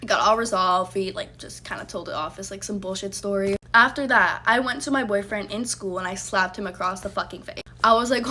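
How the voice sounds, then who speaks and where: A woman's voice: medium pitch, a little fast, hardly any pauses, bright, forceful tone. A woman telling a personal story in a casual storytime vlog, blunt and heated, swearing freely as she recounts it. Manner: blunt, profane, heated retelling.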